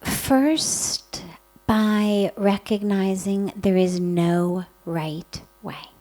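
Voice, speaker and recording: A woman spiritual teacher giving a calm, reflective spiritual talk, speaking gently with many pauses. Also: mid-range voice, low-quality recording.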